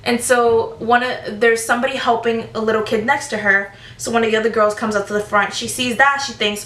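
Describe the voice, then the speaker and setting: Bright, chatty young woman storyteller. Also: fairly high pitch, fairly quick, few pauses. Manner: animated, chatty storytelling with asides. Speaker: vlogger. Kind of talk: casual storytime. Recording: echoey room, distant mic.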